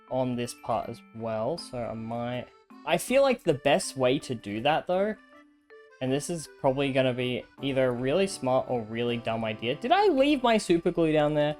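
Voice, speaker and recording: A man giving casual, self-mocking gameplay commentary as he builds, with bursts of excited exclamation. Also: mid-range voice. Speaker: gaming content creator.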